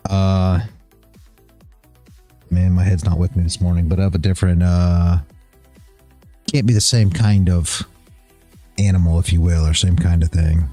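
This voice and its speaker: A man's voice: sits low, dark tone. A tired man hosting a trading livestream, chatting casually, rambling and chuckling as he loses his train of thought. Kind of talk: casual chat.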